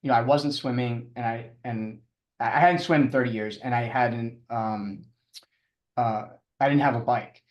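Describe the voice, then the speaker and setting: A middle-aged man telling his story as a podcast guest, halting and restarting often, with chuckles. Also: medium pitch, steady tone, reverberant, dull audio. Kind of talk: casual storytelling interview.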